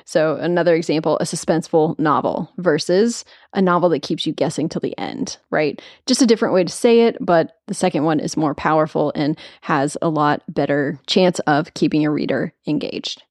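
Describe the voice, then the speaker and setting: Low-voiced woman teaching writing. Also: normal speed, hardly any pauses, darkish tone, dry recording, clean studio sound. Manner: clear explanatory teaching, frequent "right?" check-ins. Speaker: podcast host. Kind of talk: instructional podcast on writing.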